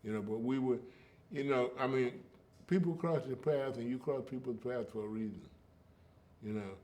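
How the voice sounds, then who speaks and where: A man's voice: mid-range voice, normal speed, warm tone. Older guy being interviewed, easygoing storyteller, keeps saying you know and okay, rhythmic delivery. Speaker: interviewee, griot. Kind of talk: casual conversational storytelling.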